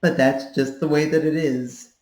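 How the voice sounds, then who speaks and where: A woman's voice: deep voice, steady tone, moderate pace, a little mellow. A woman in her thirties giving a casual voice-training tutorial, rambling with fillers as she demonstrates sounds. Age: 30s. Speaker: voice coach. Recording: echoey room.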